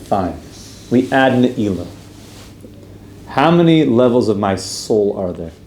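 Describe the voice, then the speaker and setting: A man's voice: on the low side, very animated, slow, darkish tone. A man teaching a casual religious class, asking his group questions and talking in a loose, chatty way. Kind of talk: casual Torah class with storytelling. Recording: roomy echo, faint room noise.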